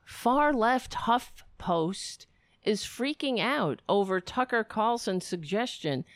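A woman's voice: a little high, lively intonation, takes it slowly, dry recording. A woman giving impassioned political commentary in an indignant, ranting manner, restarting her sentences and reading news excerpts aloud between her remarks.

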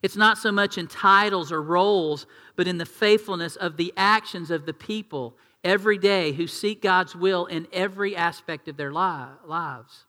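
A male pastor delivers a sermon with a high, bright and forceful voice. He talks to the congregation in a chatty way, throwing questions at them. The sound carries a long reverb from a large church hall. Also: normal speed, few pauses. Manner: conversational, asks the congregation questions, acts out quotes.

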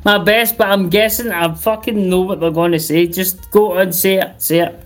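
A man's voice: sits high, fairly even intonation, normal speed, soft background music. A Scottish man chatting as a guest on a stream, tipsy and sweary, rambling through jokes. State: tipsy from drinking. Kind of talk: casual chat.

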